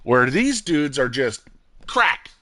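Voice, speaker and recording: A man talking casually on a live gaming stream, his pitch leaping around as he acts out quotes of other players. His voice is bright and forceful, recorded close and dry. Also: lively intonation, brisk, no room sound.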